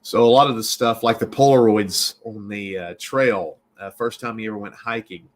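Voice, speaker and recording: A man from Baltimore, a filmmaker and actor, telling a story in a rambling, animated way with many restarts in a casual interview. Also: fairly low pitch, moderate pace.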